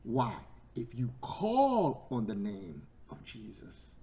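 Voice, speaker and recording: Hoarse preacher man, slow and rising. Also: medium pitch, sing-song. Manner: builds to shouting, stretches words, sore throat. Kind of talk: sermon.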